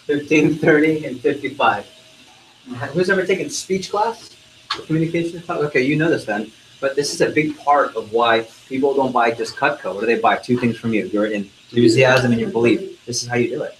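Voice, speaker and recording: A man's voice: mid-range voice, normal speed, a little hiss or hum, poor audio. A man leading a live sales training session, energetically quizzing the trainees in the room.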